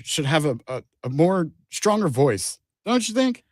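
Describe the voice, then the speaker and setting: A man's voice: a little high, big pitch swings, a little slow, no echo, studio quality. A man co-hosting a sports talk radio show, trading playful, teasing banter. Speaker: radio co-host.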